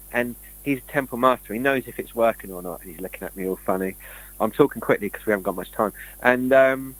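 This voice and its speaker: A man's voice: medium pitch, low-quality recording. A man talking casually and rambling through stories, acting out what people said. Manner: rambling, tells stories with acted-out quotes. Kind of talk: casual conversation.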